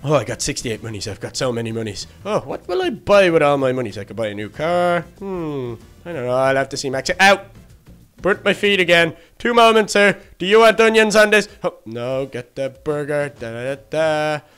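A man's voice: a little high, expressive, moderate pace, fairly bright tone, clean tone, soft background music. A man voicing a childlike male baby duck in a Minecraft role-play, chattering to himself and easily flustered. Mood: busy chatter. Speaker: fast-food worker in a game role-play.

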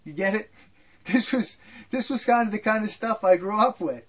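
High-voiced older man telling stories. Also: animated, moderate pace. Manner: rambling, repetitive, frequent asides. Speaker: storyteller. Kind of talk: personal storytelling.

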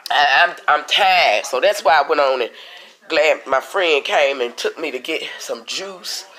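A woman's voice: sits low, animated, measured pace, a bit bright. Sick, congested woman venting to viewers. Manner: complaining, talkative, addresses viewers as y'all. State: out of breath. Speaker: vlogger. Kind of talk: casual video diary.

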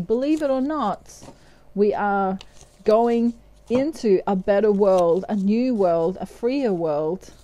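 Speak as an Australian woman giving a tarot reading, relaxed and unhurried, with a soft, mellow tone. She is chatty and upbeat, and she lets herself wander off topic as she talks to her viewers. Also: medium pitch, rough recording. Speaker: tarot reader.

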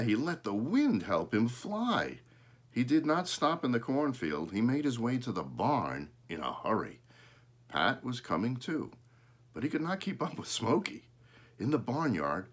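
A man reads a children's picture book aloud with an expressive, lively delivery. His voice has a husky, breathy grain and a mid-range pitch that rises and falls freely. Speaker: storyteller.

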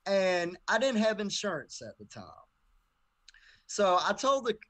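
A young man from Tennessee, a guest in a casual interview, telling a story in a profane, animated way with heated outbursts. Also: high-pitched, unhurried. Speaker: guest rapper.

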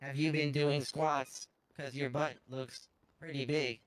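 A man playing a roleplay game through a robot voice filter, making deadpan alien jokes. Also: medium pitch, unhurried, smooth, no echo, poor audio.

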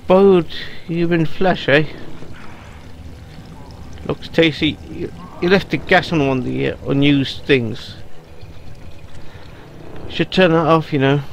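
A man's voice: on the high side, fairly even intonation, vocal fry, slight background noise. A man giving muttered, wry commentary while playing a horror game. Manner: slow, muttering, wry asides. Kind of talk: let's play commentary.

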